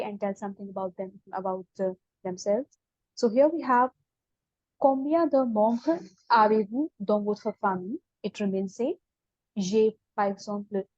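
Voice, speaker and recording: A woman's voice: mid-range voice, dark tone, no room sound, lo-fi sound. A woman with an Indian English accent teaching a beginners' French class, patiently explaining and quizzing students. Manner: patient, explains slowly, asks questions and corrects. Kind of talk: online language class.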